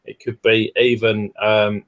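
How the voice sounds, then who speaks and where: A man's voice: lowish voice, flat delivery, unhurried, fairly bright tone, muffled recording. A man co-hosting a casual webcast chat, explaining things step by step with hesitant fillers. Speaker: co-host, personal trainer.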